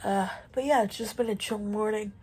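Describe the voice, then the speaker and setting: This is a relaxed home vlog from a woman in her twenties who meanders along with frequent fillers as she works out on an exercise bike. Her allergy-stuffed voice is medium in pitch, moderately paced and a bit breathy.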